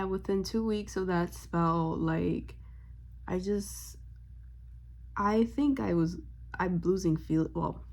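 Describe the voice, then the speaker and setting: A woman in her twenties telling a personal story on her vlog, rambling and emotional, smiling as she talks with lots of fillers. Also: lowish voice. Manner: rambling, heavy on fillers, loses her train of thought; emotional and upbeat, smiling while talking. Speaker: vlogger and spiritual reader. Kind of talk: casual storytime chat.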